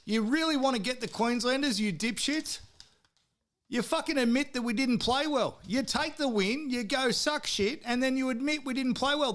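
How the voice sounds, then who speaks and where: A high-voiced Australian man rants about sport on his podcast. His voice is smooth and clear, even as he swears hard and now and then shouts. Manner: heated, swearing, sometimes shouting. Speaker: podcast host. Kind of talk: profane sports rant.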